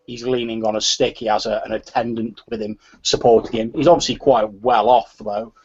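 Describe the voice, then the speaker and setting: Soft-spoken man as game master. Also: mid-range voice, a little fast, slight background noise. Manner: soft-spoken, relaxed narration with fillers. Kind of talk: narrating a tabletop game. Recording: slightly muffled recording.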